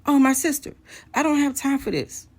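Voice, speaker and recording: A woman acting out her angry husband yelling and scolding over the phone. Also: high-pitched, normal speed, creaky, pitched above the performer's own voice. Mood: curt dismissive.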